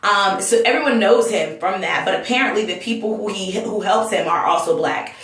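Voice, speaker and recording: A woman's voice: mid-range voice, a little fast, a bit bright. Impassioned woman ranting into a roomy, distant mic. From North Carolina, US. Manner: earnest, emotional, with frequent restarts and fillers. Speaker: vlogger and Sunday school teacher. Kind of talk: impassioned personal rant.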